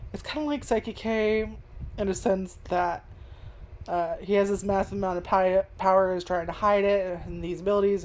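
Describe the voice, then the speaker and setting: A woman's voice: lowish voice, darkish tone, slight background noise. A woman reviewing an anime at home in front of a webcam, rambling and swearing with lots of fillers. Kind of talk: casual video review. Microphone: webcam zoomed in on face.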